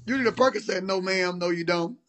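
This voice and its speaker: Man guest, high voice, teasing and blunt, slangy casual chat. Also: a little fast, fairly bright tone.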